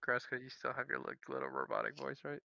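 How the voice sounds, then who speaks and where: A man's voice: mid-range voice, very animated, fast talker, gravelly, bright, forceful tone, no echo. A man chatting while gaming, teasing and quippy. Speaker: player. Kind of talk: casual gaming chat. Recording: dull lo-fi mic.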